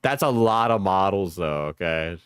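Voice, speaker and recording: A man's voice: deep voice, animated, moderate pace, fairly bright tone, clear, resonant tone, no room sound, clean studio sound. A male streamer chatting and joking with viewers during a live stream, laughing often. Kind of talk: live stream reaction chat.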